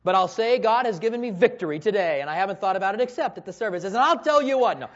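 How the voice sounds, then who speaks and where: A male pastor delivers a sermon as animated storytelling. His voice sits high, and he swings between loud bursts and hushed, intimate moments. The recording is dull and lo-fi. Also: fast talker. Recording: dull lo-fi sound.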